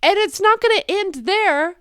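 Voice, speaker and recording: A young woman hosting a reaction video, talking casually and excitedly, swinging from loud outbursts to quiet asides. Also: very high-pitched, unhurried, dry recording, studio quality.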